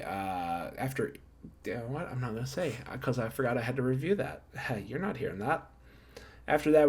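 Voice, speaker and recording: A man recapping a wrestling show in a casual, rambling way, correcting himself and tossing in jokey asides while handing out star ratings. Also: medium pitch.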